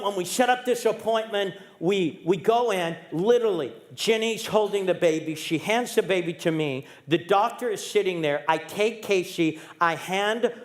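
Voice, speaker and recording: A man in his sixties, a pastor telling a personal story in a sermon, acting out the voices and dropping low and quiet at the serious moments. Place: church sanctuary. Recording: echoey church sanctuary.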